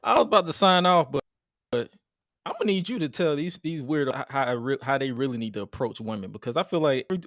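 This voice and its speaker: A man of middle pitch hosts a casual interview, speaking in a laid-back, halting way with frequent restarts. His voice is recorded close and dry, with no room sound around it. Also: lively intonation, a bit bright, dry recording. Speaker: podcast host.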